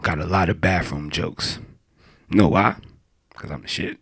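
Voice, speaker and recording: A young man works through a stand-up set in a deep, low register with a gravelly edge. His delivery is crude and rambling, and he often breaks into laughter at his own jokes. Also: unhurried, long pauses, a bit bright. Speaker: stand-up comedian.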